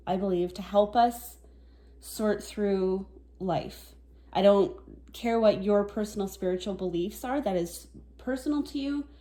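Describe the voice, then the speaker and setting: A woman giving a casual tarot reading to camera, soft-spoken and reflective, a little teary and sniffling. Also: mid-range voice. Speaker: tarot reader.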